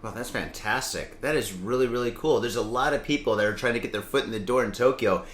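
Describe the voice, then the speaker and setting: A man's voice: mid-range voice, quick pace. A man from Michigan hosting a podcast, chatting casually and joking at his own expense, often laughing. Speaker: podcast host. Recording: roomy echo.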